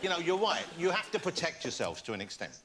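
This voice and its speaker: A man's voice: a little high, wildly swooping pitch, fast talker. A man hosting a chat show, teasing his guests with joking questions in front of a studio audience. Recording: loud studio audience and noise.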